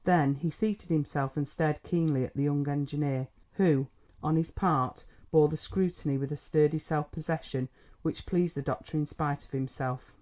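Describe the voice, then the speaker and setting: A man narrating an old novel as an audiobook in a measured, even manner. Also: on the high side. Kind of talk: scripted narration.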